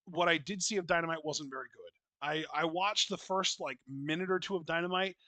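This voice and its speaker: A man with a fairly high, bright, sharp voice talks in a loose, unscripted podcast style. He is blunt, opinionated and freely profane, and he circles back with restarts as he thinks. The sound is close and dry, with no room around it. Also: a little fast, no echo. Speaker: wrestling podcast co-host. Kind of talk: casual podcast chat.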